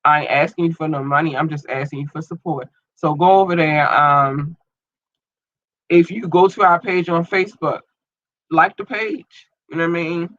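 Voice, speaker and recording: Talking through an irritated, watering eye, this podcast host rambles on alone in loose slang, with plenty of ums. He speaks at a moderate pace in a fairly high, slightly bright voice, and the recording is dry and muffled.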